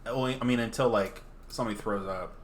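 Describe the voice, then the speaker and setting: Fast-talking, in a mid-range voice, a man in his twenties hosts a podcast and spins stories in casual chat, laughing a lot and cursing without restraint. A little hiss or hum is audible.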